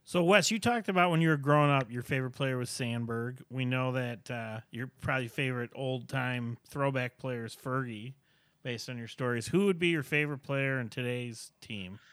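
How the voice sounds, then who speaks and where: A man's voice: mid-range voice, normal speed, fairly bright tone, smooth, no echo. Man co-hosting a podcast. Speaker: podcast co-host. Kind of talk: casual podcast chat.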